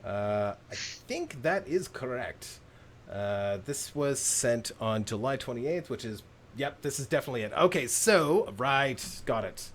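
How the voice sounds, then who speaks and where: A man's voice: mid-range voice, expressive, unhurried, a bit bright, slight background noise. A man hosting a game livestream, chatting casually while he checks submissions, often distracted. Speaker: streamer host.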